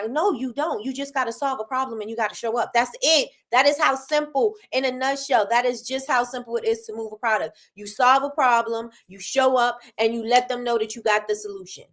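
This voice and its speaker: A woman's voice: fairly high pitch, brisk, few pauses. A woman hosting a casual livestream, talking business with lots of repetition and reading out chat comments. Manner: animated, repeats phrases, reads chat aloud. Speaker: livestream host.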